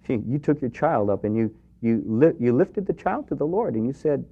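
A man preaching a sermon in an earnest way, rising to emphatic questions and dropping to quiet, personal moments. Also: medium pitch, expressive, moderate pace, slightly rough. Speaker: pastor. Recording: dull lo-fi recording.

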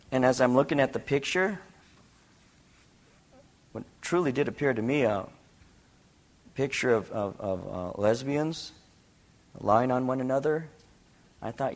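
A middle-aged pastor preaching a sermon, moving from hushed storytelling to impassioned, emphatic appeals. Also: male voice, mid-range voice.

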